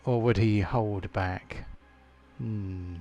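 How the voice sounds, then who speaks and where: Slow, gravelly-voiced male game master. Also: lowish voice, fairly even intonation, warm tone, highs cut off, faint music behind. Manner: halting, thinks aloud with fillers. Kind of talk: narrating a tabletop game.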